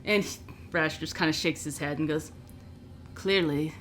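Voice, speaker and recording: A woman game master speaking in character and narrating with a measured delivery. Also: deep voice, fairly even intonation, a bit bright, a little hiss or hum. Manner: measured, deliberate. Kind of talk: in-character role-play and narration.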